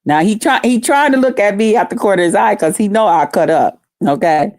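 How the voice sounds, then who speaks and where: A woman vlogger telling a story casually to her viewers, animated and profane. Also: mid-range voice, a little fast, no echo, clean studio sound.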